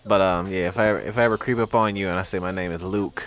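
A man's voice: sits low, fairly even intonation, very fast, a crowd in the background. A young man co-hosting a casual chat, telling stories in a laid-back, slangy way.

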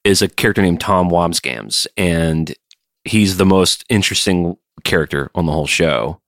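A man's voice: sits low, normal speed, a bit bright, dry recording, studio quality. A man co-hosting a podcast in casual chat, telling wry stories with some swearing. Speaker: podcast co-host, touring musician.

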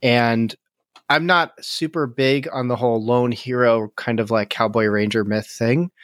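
A man co-hosting a podcast, reflecting on a movie in a thoughtful, halting way. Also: mid-range voice, steady tone, fairly bright tone, no echo, studio quality. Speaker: podcast co-host. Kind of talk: casual movie review chat.

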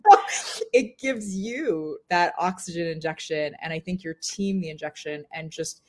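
A woman's voice: on the low side, a little slow. A woman founder talking candidly in a live video interview from a hotel room, laughing often and restarting her sentences. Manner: many fillers and restarts. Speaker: startup founder.

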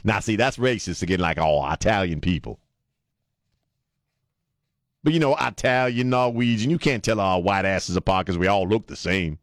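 A man's voice: mid-range voice, normal speed, dry recording, studio quality. A man hosting a talk radio show, delivering a sarcastic, rambling opinion monologue with many restarts.

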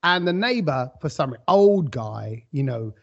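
A man, co-hosting a casual podcast chat and telling stories with lively acted-out quotes. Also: mid-range voice, a little slow, muffled recording. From England. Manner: animated storyteller, acting out quotes. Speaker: podcast co-host.

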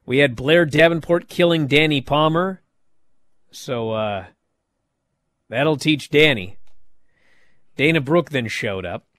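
A man's voice: on the high side, takes it slowly, long pauses, no echo. A man hosting a podcast, recapping wrestling in casual chat and mocking the people he describes with impressions. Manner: animated storytelling with mocking impressions.

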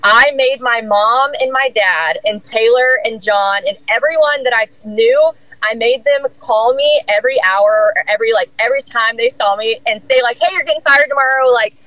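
A woman's voice: moderate pace, dry recording, lo-fi sound. Woman chatting animatedly, full of filler words. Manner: rambling, lots of "like" fillers and swearing; animated, jumps high in pitch when quoting others. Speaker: guest telling a story. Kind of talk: casual chat.

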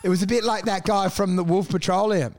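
A young man telling stories in a casual podcast chat, animated and swearing freely. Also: high voice. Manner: animated storytelling, swearing, quick laughs.

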